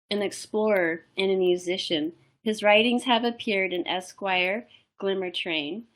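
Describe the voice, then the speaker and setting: A woman's voice: medium pitch, a bit bright. A woman hosting an online bookstore event on a video call, hesitant and apologetic, with hiccups and many fillers. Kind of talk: live online event introduction.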